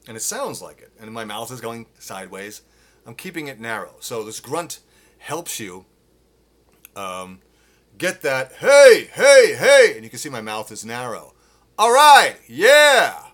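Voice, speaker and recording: A man teaching singing live, explaining technique with restarts and breaking into loud sung demonstrations. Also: on the low side, lively intonation, normal speed. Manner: demonstrates with loud sung grunts and vocal exercises. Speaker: vocal coach. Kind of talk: live-streamed singing lesson. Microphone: phone.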